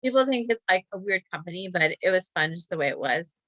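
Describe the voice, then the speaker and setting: Bright-voiced woman teaching punctuation. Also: fairly low pitch, lively intonation, fast, dry recording. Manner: reads sentences aloud and names each comma; chatty asides about a company. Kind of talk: classroom lesson, reading practice sentences aloud.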